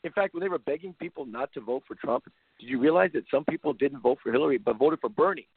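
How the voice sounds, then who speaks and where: Here a husky, slightly high-pitched man talks quickly while posing as a basketball coach on his own talk show. He rants with blunt sarcasm and plenty of repetition in an opinionated talk-radio style, recorded dry over what sounds like a phone line with no echo.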